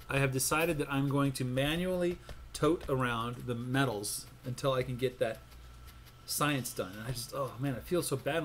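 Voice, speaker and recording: A man's voice: mid-range voice, slight background noise. A man hosting a gameplay video, chatting casually and telling a long, rambling joke with lots of ums and restarts. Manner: rambling, self-interrupting storyteller. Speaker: gaming channel host.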